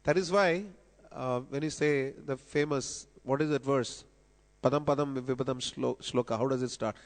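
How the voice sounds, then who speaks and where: A man's voice: medium pitch, fairly even intonation, normal speed. A man giving a devotional lecture at a temple festival, explaining scripture and quoting verses with rising emphasis. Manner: explanatory, quotes scripture with rising emphasis, coughs now and then. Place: temple hall. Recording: long reverb of a large hall.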